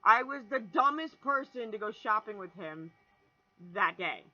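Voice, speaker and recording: A young woman in her twenties tells a long story to her camera, animated and rambling, restarting sentences and swearing freely. Her voice is very bright and forward, at a middling pitch. The recording sounds dull and lo-fi, like a home video. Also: measured pace. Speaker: vlogger. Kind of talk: casual storytelling vlog.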